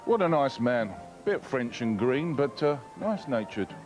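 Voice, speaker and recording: A man's voice: medium pitch, very animated, measured pace, music in the background. A man playing a brusque, rude market trader in a children's TV sketch. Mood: gruff. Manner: blunt, brusque.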